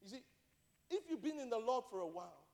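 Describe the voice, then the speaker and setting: Very animated and quick, a pastor delivers a sermon in a high, ringing voice that is a little mellow, with some vocal fry. He hammers home repeated key phrases and puts sharp rhetorical questions to the congregation, his voice filling a large, reverberant hall.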